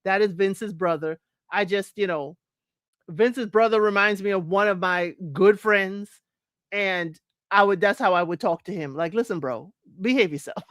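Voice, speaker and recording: A woman's voice: mid-range voice, fairly even intonation, a little slow, a bit bright, dry recording, studio quality. A woman hosting a live recap, chatty and opinionated, often laughing and repeating her points for emphasis while greeting chat viewers. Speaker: host of a dating-show recap livestream. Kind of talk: casual live commentary talking to chat viewers.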